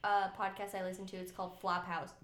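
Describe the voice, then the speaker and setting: A woman co-hosting a casual comedy podcast, throwing in quick teasing quips. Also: medium pitch, flat delivery, a bit bright, echoey room. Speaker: podcast co-host.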